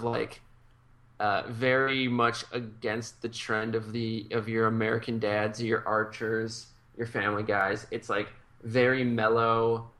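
A man's voice: lowish voice, pushed and bright. A man co-hosting a podcast, chatting casually and rambling enthusiastically over a video call. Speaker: podcast co-host. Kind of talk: casual chat.

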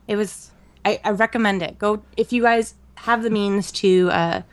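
Woman, podcast co-host, casual chat, lively storytelling, mid pitch, dry sound. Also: moderate pace, dry recording. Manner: animated storyteller, lots of fillers and laughs.

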